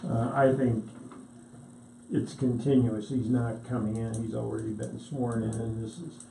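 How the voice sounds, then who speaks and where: A man serving as county attorney, giving a measured, matter-of-fact report at a board meeting. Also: mid-range voice, little pitch movement, creaky, warm tone. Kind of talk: reporting legal items. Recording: echoey room, faint hiss.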